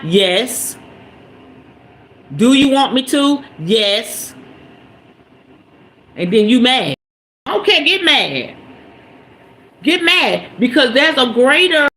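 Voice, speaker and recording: Woman, spiritual host, lively swooping voice, fairly high, emphatic and preachy. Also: rough recording. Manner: emphatic, preachy, talks straight to listeners. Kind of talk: motivational spiritual talk.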